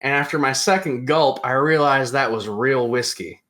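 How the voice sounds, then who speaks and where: A young man, hosting a podcast and telling a lively story in casual chat. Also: mid-range voice, normal speed. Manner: animated storyteller, acts out quoted voices loudly. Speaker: podcast host.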